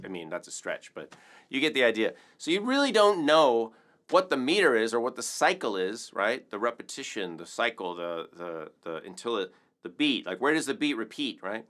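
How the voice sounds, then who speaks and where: A man's voice: medium pitch, animated, fairly quick, music in the background. A man teaching a casual rhythm lesson, upbeat and chatty, counting beats aloud. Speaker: percussion teacher.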